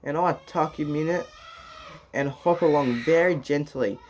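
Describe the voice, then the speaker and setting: A gentle female wallaby from a children's storybook, soft-spoken and eager to please, read aloud by a man. She pleads in a slow, mild voice. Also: fairly high pitch, a little hiss or hum, close to an everyday voice. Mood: pleading.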